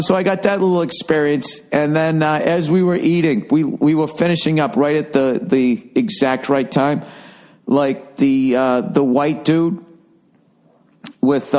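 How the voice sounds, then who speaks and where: Rambling profane man telling a story. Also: a little mellow. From Boston area. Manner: profane, rambling, with sudden high-pitched bursts for emphasis. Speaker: podcast host. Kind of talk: casual storytelling monologue.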